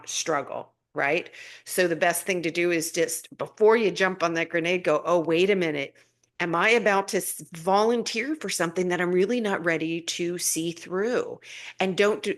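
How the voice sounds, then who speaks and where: A middle-aged woman hosting a spiritual live stream, chatting casually and answering viewer comments with gushing enthusiasm. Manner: warm, gushing, breaks into excited high-pitched asides. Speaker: spiritual guidance host.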